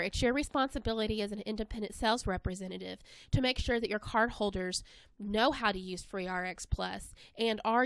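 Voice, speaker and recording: A woman presenting an instructional webinar in an even, scripted narration. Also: mid-range voice, no echo.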